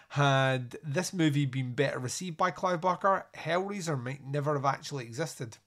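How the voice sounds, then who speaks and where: A man hosting a podcast, giving a casual, crude and jokey solo review of a film. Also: on the high side.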